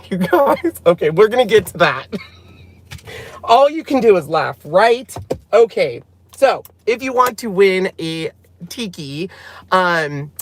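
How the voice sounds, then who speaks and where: A man hosting a casual live chat from inside his car, excitable and laughing, admitting he is nervous. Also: high voice, no echo. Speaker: vlogger hosting a live stream.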